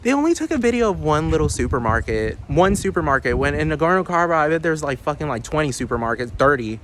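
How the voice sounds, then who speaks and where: A man's voice: fairly high pitch, big pitch swings, fast talker, fairly bright tone, slight background noise. A man ranting to the camera in a profane, rambling vlog monologue, often asking the viewer if they understand. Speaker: vlogger.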